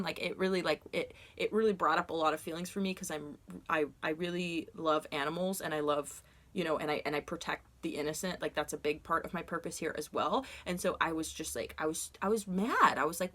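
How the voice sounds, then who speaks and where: A woman telling a long story from her dream journal in a casual, rambling way, full of "like" and "you know," and getting animated as she goes. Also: fast. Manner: animated, gets loud and high when retelling confrontations.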